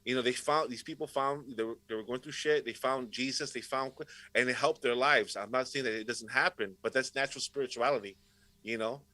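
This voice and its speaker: This podcast guest has a mid-range voice and talks a little fast, captured in a dry, poor-quality recording. Of Puerto Rican heritage and raised around Rhode Island, he tells animated stories in casual chat, swearing constantly.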